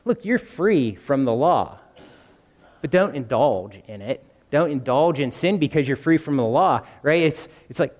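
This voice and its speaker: A man's voice: medium pitch, animated, a little slow, a little mellow, in a large hall. A man preaching a conversational sermon, often asking the congregation questions. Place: church.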